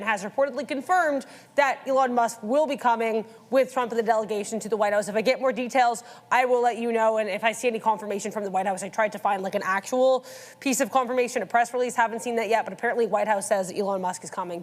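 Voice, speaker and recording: A woman delivers a live market news update in a brisk, careful way, hedging each report. Her voice sits a little high and carries a long hall reverb. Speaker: news reporter on a trading show.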